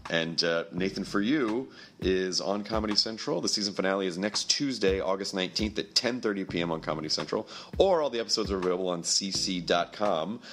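Hoarse, very deep-voiced male podcast host. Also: animated, fairly bright tone, a little hiss or hum. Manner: rambling, self-mocking, hurried. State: hoarse, lost voice. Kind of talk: solo podcast intro.

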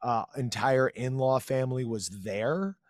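A man's voice: medium pitch, a little slow, no echo, studio quality. A man co-hosting a podcast, talking casually and enthusiastically, rambling a little. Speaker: podcast co-host. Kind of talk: casual chat.

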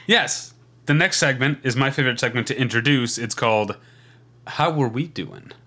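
A man's voice: mid-range voice, expressive, normal speed, bright, forceful tone. A man in his forties with a Midwestern accent, co-hosting a casual podcast and rambling with frequent restarts. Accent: Midwestern American. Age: 40s. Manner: rambling, self-interrupting, laughs easily. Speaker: podcast co-host.

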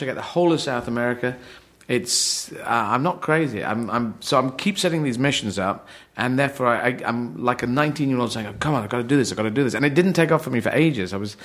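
A man born in Yemen, a comedian, chatting casually in a rambling, lively way with many restarts, often acting out other people in raised voices. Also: mid-range voice, brisk, few pauses. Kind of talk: casual chat.

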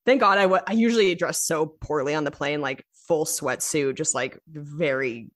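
A woman comedian chatting on a podcast in a fairly low voice. She rambles casually, with plenty of likes and restarts. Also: moderate pace. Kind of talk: casual chat.

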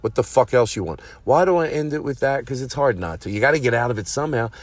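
A man hosting his own show, swearing freely as he rambles and mocks himself. His pitch sits in the middle of the range for a man. He drifts off into asides, then picks the story back up. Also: lively intonation, fast talker, no echo. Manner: profane, self-mocking, trails off in asides. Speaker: comedian podcast host. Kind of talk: rambling comedic monologue.

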